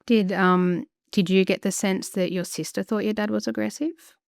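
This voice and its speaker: A woman's voice: medium pitch, steady tone, moderate pace, gravelly, dry recording, studio quality. A woman interviewing, asking reflective questions and responding with empathy.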